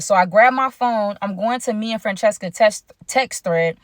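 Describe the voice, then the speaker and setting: A woman's voice: mid-range voice, normal speed, no room sound, studio quality. A young woman telling a personal story in a casual, chatty way, talking straight to her viewers. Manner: chatty, addresses viewers directly.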